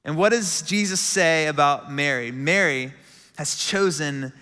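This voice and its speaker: Young male preacher, bright and high, chatty with fillers, in a large church auditorium. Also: measured pace, smooth. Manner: chatty, lots of "like" fillers, calls out to the room. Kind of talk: casual sermon. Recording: long reverb from a big hall.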